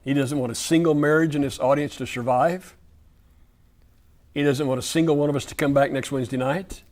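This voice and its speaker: A man's voice: fairly high pitch, steady tone, a little fast, a little mellow. A man leading a Wednesday night Bible study before a church audience, speaking emphatically with lots of repetition and slipping into folksy storytelling.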